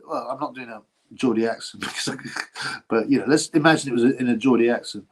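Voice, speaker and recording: A man's voice: mid-range voice, fairly quick, breathy edge. A man hosting a casual boxing livestream, rambling, slangy and mocking, often laughing as he talks. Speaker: boxing channel host.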